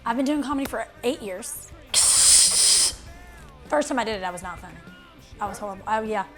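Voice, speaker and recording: A woman from Kentucky with a Southern accent and a raspy voice, performing a sassy stand-up set. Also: on the high side, animated, fairly quick, soft background music. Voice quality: raspy, hoarse-sounding voice all the time. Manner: sassy, drawling, loud bursts to the crowd. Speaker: stand-up comedian. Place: large theater stage. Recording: live stage with hall echo, faint noise.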